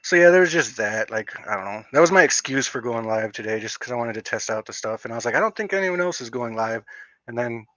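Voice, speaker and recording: A man rants casually on a livestream in a bright, forceful voice, with a slight stutter that catches on some words. He rambles and restarts often as he talks. The sound is dull and lo-fi, with a dry, close feel. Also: medium pitch, quick pace, few pauses, no echo. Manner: rambling, with frequent fillers and restarts. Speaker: livestream host.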